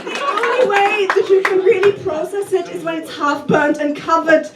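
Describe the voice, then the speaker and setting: A young woman, half English and half German, performing an animated, self-deprecating stand-up set with mock rants, heard in a small comedy club with the audience laughing. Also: very high-pitched, normal speed, over a noisy crowd, very noisy. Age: young adult. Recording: echoey club recorded from far off.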